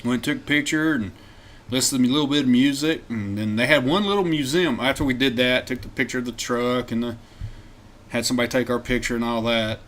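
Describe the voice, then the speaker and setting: Talking a little fast in a mid-range voice, a man co-hosting a podcast recounts a road-trip adventure in casual chat. He acts out the quotes loudly and laughs frequently as he goes.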